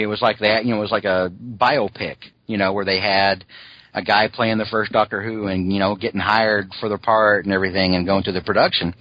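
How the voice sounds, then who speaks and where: A man's voice: fairly low pitch, lo-fi sound. A man co-hosting a podcast, chatting casually and rambling, with lots of "you know" asides. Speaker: podcast co-host. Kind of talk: casual chat.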